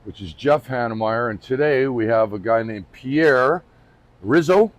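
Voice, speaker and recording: A man's voice: mid-range voice, animated, measured pace, muffled recording. A man presenting his company in a casual on-camera talk, informal and chatty, often restarting sentences and slipping in light jokes. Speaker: company representative presenting the brand.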